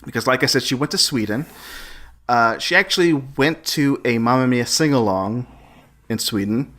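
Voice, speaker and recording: A man co-hosting a podcast, chatting casually and haltingly with many restarts. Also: medium pitch, a bit bright. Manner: halting, full of restarts and fillers. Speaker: podcast co-host.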